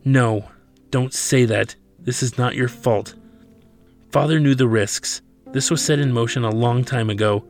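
A man reading the lines of a loyal female android, voicing her in a gentle, comforting way. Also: mid-range voice, measured pace, faint music behind, lightly acted.

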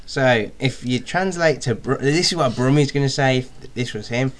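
A young man from Birmingham co-hosts a casual radio podcast. He talks in a loose, easygoing way, full of fillers and restarts, at an ordinary pitch. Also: normal speed. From Birmingham, England. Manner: chatty, loose, with frequent fillers. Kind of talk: casual chat.

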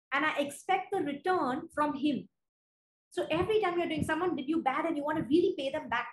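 A woman preaching a sermon, earnest and conversational, reading scripture slowly and deliberately. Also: sits high, echoey room, a little hiss or hum, low-quality recording.

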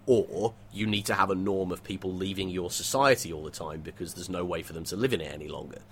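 A fairly low-pitched man talking through a novel on a podcast. He is animated and wry, moving between dry analysis and playful mock voices. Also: fast talker, a little hiss or hum. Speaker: podcast co-host discussing a novel. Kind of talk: casual book discussion.

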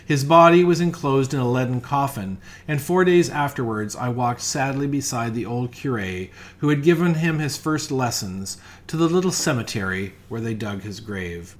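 Brief: male reader, mid-pitched, measured dramatic storytelling with hushed drops. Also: lively intonation. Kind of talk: dramatic reading of a ghost story.

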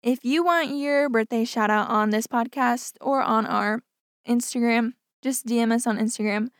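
A woman's voice: on the high side, moderate pace, no echo, studio quality. A young woman hosting a casual podcast, reading out listener stories and chatting about them, often saying "like". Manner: chatty, says "like" often, laughs things off. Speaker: podcast host.

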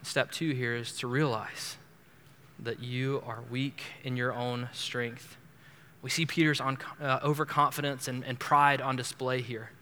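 A man's voice: medium pitch, flat delivery, unhurried, bright, forceful tone, in a large hall. A man preaching an expository sermon as pastor, earnest and emphatic, often repeating words as he builds a point. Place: church sanctuary.

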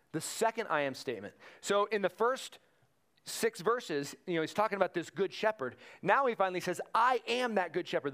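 A man's voice: a little high, a bit bright. A man preaching a sermon in a conversational way, retelling Bible stories with energy. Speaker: pastor.

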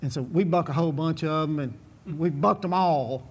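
A man's voice: fairly high pitch, normal speed, slightly rough. A man, a former bull rider telling a long folksy story to an audience, drawling and chuckling as he goes. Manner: drawling, chuckling, repetitive restarts.

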